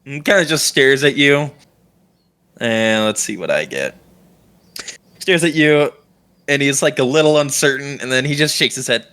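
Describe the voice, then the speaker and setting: A man's voice: medium pitch, lively intonation, normal speed, a bit bright. A man narrating a tabletop game as dungeon master, in a casual, rambling way full of fillers.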